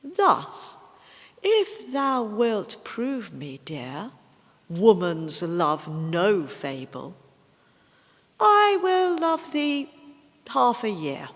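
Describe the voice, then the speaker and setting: A woman reads poems aloud at an unhurried pace, weighing each line. Her voice rings out in a hall with a long reverb, and her asides between poems are hesitant and chatty. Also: medium pitch, sing-song, a bit bright. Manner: slow, measured recitation with hesitant chatty remarks between poems. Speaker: poetry reciter. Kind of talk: poetry recital with casual asides.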